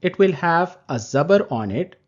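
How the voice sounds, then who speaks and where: A man teaching Arabic grammar in a recorded lecture, explaining terms slowly and deliberately. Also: fairly high pitch, expressive. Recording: dull lo-fi recording.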